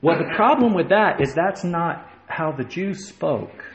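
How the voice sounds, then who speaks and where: A man's voice: on the high side, expressive, unhurried, muffled recording, slight background noise. A man preaching a sermon, emphatic and rising in force when he quotes scripture. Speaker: pastor. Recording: echoey room.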